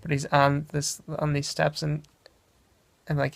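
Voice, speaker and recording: Flat, gravelly young Midwestern man. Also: fairly high pitch, measured pace, no room sound. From Wisconsin, USA. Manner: meandering, self-correcting anecdote telling. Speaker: vlogger. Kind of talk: casual travel storytelling.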